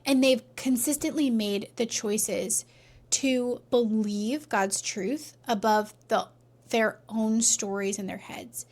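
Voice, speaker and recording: A woman's voice: fairly high pitch, fairly even intonation, slow, darkish tone. Conversational woman telling a faith story. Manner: conversational, checks in with "right?". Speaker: relationship coach. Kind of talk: casual faith-based storytelling talk.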